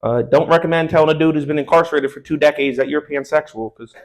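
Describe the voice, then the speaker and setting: Young man, stand-up comic, slightly high voice, crude slangy storytelling, comedy club stage. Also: fast, rough recording.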